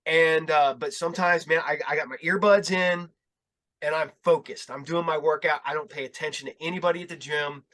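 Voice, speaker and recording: A man hosting a casual podcast who speaks bluntly, swears freely and acts out his encounters as he retells them. His voice is bright and forceful, pitched a touch high for a man. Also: steady tone, a little fast, rough recording. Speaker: podcast host.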